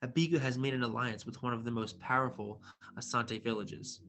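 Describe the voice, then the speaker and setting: A man's voice: mid-range voice, fairly even intonation, brisk, fairly bright tone, close to an everyday voice. A man reading aloud as a brash, proud teenage boy who talks curtly and dismissively. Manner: curt, dismissive.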